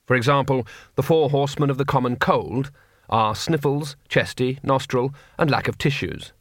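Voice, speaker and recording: A man narrating an audiobook in a wry, expressive storytelling manner. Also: mid-range voice, normal speed, no room sound, studio quality.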